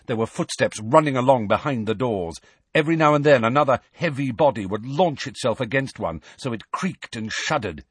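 A man's voice: mid-range voice, slightly rough, dry recording. A man narrating a fantasy novel as an audiobook, telling the tense story with expression. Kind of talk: scripted narration.

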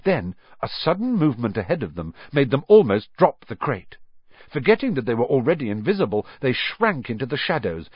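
A man reading a children's novel aloud as scripted narration, with expressive storytelling. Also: mid-range voice, breathy edge, no echo. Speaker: audiobook narrator. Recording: dull, dry sound.

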